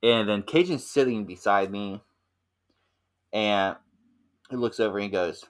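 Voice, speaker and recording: A young man in casual podcast chat, telling a rambling, animated story full of fillers. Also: fairly low pitch, a little slow, pauses often. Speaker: podcast co-host.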